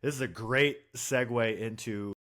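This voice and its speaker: A man's voice: medium pitch, measured pace, a bit bright. A man hosting a podcast interview, reflecting earnestly on what his guest just shared. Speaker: podcast host. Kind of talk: interview conversation.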